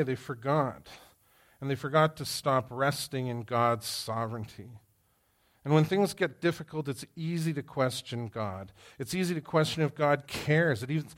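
A man preaching a sermon, moving from quiet reflection to loud, emphatic exhortation. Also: on the high side. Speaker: pastor.

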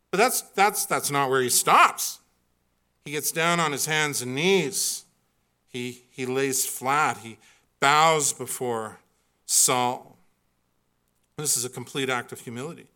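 Bright-voiced animated male preacher. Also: a little high, normal speed. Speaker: pastor. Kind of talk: sermon.

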